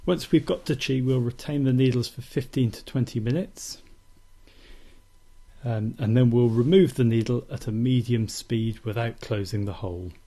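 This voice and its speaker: A man calmly teaching acupuncture technique in a steady, methodical instructional demonstration. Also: medium pitch, moderate pace. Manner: calm, steady, methodical explaining.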